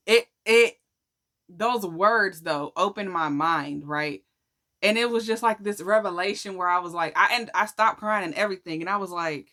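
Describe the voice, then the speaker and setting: A woman tells her personal testimony in a chatty, slangy way. Her voice sits fairly low but sounds bright and forceful, and she slips into other people's voices as she quotes them. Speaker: vlogger sharing a faith testimony. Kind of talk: casual storytelling.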